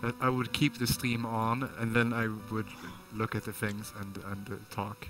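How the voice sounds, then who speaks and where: A man's voice: fairly low pitch, fairly even intonation, normal speed, a bit bright. A man joining a game stream as a guest over a voice call, playful and goofy. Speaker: guest caller. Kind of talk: casual call chat. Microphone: voice call headset.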